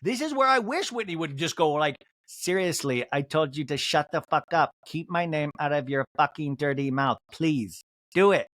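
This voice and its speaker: A man hosts a comedic recap podcast and leaps between his own voice and playful impressions of the cast. His pitch swings widely and sits a little high for a man. The sound is dry and close, with no room around it. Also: lively intonation, moderate pace, fairly bright tone, no echo. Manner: acts out each cast member's lines in put-on voices. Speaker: podcast host. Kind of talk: comedic reality-show recap.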